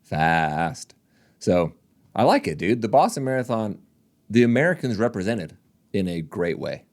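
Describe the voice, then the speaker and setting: Deep-voiced man joking on a podcast. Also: very animated, normal speed, darkish tone. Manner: laughs often, jokes and teases. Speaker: podcast co-host. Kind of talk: casual chat.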